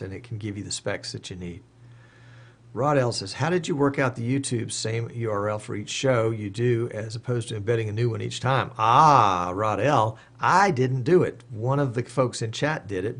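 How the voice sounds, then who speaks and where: A man hosting a live stream, reading viewer comments aloud and answering them off the cuff in casual chat. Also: mid-range voice.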